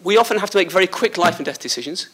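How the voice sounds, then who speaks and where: Bright-voiced male surgeon from Liverpool. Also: high-pitched, animated, rapid-fire, husky. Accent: Liverpool English. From Liverpool, England. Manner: chatty, joking with the audience. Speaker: guest speaker, surgeon. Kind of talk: school speech. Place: school hall.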